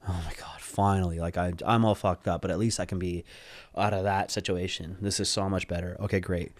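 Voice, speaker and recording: A man guest telling a lively, casual story full of "like" and swearing. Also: deep voice, a little fast, dry recording. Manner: animated, swears freely, lots of "like". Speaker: podcast guest.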